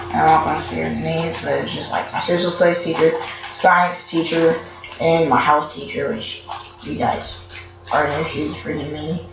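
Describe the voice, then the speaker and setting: A man's voice: a little high, gravelly. A teenage boy telling a school story in a casual vlog, rambling with lots of fillers, stuttering and restarting his sentences. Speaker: vlogger. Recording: echoey lo-fi room with noise.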